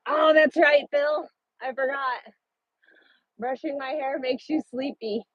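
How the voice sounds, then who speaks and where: Speaking slowly in a high-pitched, steady voice, a woman truck driver live-streams from her parked rig at a rest area, chatting casually with viewers and letting a swear word slip now and then. There's no room sound, though the audio is dull and lo-fi.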